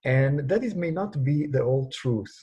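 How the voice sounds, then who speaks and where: A middle-aged man from Singapore, a guest in an interview, telling stories in a lively way and sometimes crying out sounds. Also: medium pitch, normal speed, husky, highs cut off. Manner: animated, cries out sounds when telling stories. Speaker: interview guest, speaker on leadership. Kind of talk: conversational storytelling interview.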